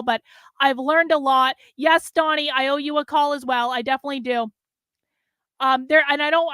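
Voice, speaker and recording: Female livestream host, high pitch, dry close mic, blunt and profane. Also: a bit bright, no echo. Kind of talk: livestream commentary reacting to clips and reading viewer messages.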